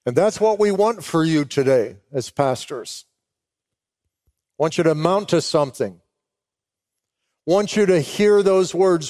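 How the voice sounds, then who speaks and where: A man's voice: a little high, animated, darkish tone, no echo, clean studio sound. A middle-aged man preaching to pastors, telling an emotional story and acting out both sides of remembered talk. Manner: emotional storytelling, slows down for weight. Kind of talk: sermon.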